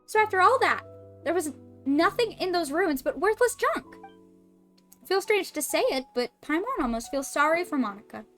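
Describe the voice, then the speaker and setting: A woman voicing a chirpy small female companion sprite, reading her lines high and excitable. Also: moderate pace, faint music behind, full character voice. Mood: rueful.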